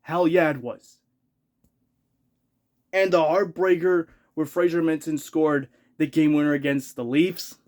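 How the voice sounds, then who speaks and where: A man's voice: on the high side, steady tone, unhurried, long pauses, a little mellow. A man ranting as a hockey fan in a vlog, exasperated, repeating himself and swearing in rising outbursts.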